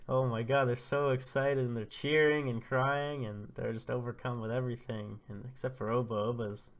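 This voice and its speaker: A man hosting a casual manga read-through, excitable and laughing as he retells the chapter. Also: mid-range voice.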